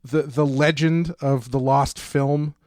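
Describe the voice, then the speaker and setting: A man's voice: medium pitch, fairly even intonation, takes it slowly, darkish tone, dry recording, studio quality. A man co-hosting a podcast, chatting casually about an old film in a rambling way, full of restarts. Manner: rambling, restarts, acts out quotes. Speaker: podcast co-host.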